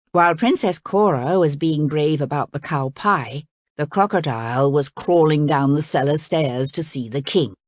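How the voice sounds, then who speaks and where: Woman reading a children's story, lively. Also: low voice, dry recording, clean studio sound. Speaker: storybook reader. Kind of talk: children's story read aloud.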